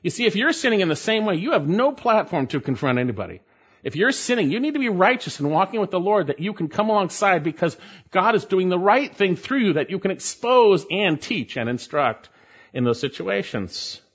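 A man's voice: high voice, sing-song, fairly quick, breathy edge. A man preaching an expository Bible sermon in an emphatic way, repeating his key points for stress. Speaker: pastor. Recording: dull lo-fi recording.

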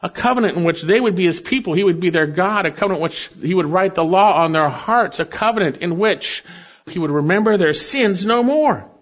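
A man's voice: high voice, expressive, a little fast. A man preaching a sermon, reading scripture aloud and pleading earnestly with his listeners. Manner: earnest, emphatic, rising and falling with scripture readings. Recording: slightly dull lo-fi recording.

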